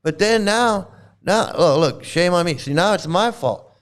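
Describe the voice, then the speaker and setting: A man's voice: sits high, lively intonation, a little slow. A man hosting a livestream, ranting indignantly and mockingly with lots of repetition. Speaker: livestream host. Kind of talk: casual livestream commentary.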